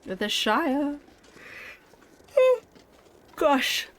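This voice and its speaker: A woman's voice: high voice, very animated, very slow, slight background noise. A young woman streaming a game, chatting casually with her viewers while sleepy and yawning. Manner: chatty, rambling, talks to chat. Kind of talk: casual gameplay chat.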